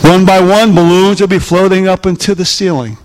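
A man with a slightly raised pitch delivers a sermon as a pastor. He talks in a folksy way, throwing rhetorical questions at the congregation. His delivery swings from loud emphasis to soft, drawn-out lines. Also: steady tone, a little hiss or hum.

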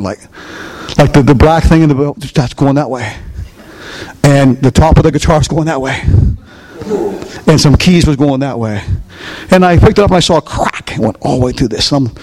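Storytelling pastor preaching to a congregation. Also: male voice, a little high, darkish tone. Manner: storytelling, asks the congregation questions. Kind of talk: sermon. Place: church before a congregation.

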